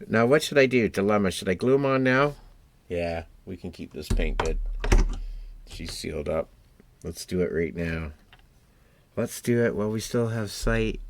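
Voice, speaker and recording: A man's voice: mid-range voice, no echo. A man building and painting a scale model kit, talking to himself in chatty, muttered asides as he works. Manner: chatty self-talk, muttered asides to his work.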